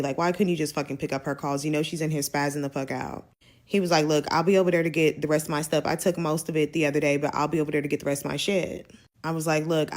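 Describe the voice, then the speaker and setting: Deep-voiced woman spilling tea, loose slangy storytime, swears a lot. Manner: animated, slangy, cursing, acts out quotes. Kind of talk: casual storytime.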